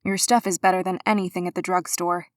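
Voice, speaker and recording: A woman's voice: lowish voice, flat delivery, dry recording, studio quality, lightly acted. A woman playing a weary, wry sick woman. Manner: slow, weary, teasing. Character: sick tired young woman, wry and stubborn.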